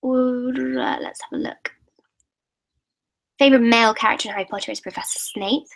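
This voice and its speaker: A woman's voice: on the high side, moderate pace, poor audio. A teenage girl in a casual live-stream Q&A, reading out viewers' comments and answering them in a chatty, upbeat way. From United Kingdom. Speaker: YouTuber answering live questions.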